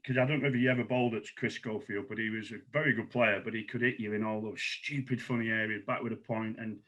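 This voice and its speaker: A man telling rowdy dressing-room stories with a mid-range voice, plenty of swearing and little laughs along the way. It is a relaxed podcast chat, full of punchlines and asides. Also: mid-range voice. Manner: animated storyteller, salty language, chuckles. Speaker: guest, cricket coach. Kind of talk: casual anecdote telling.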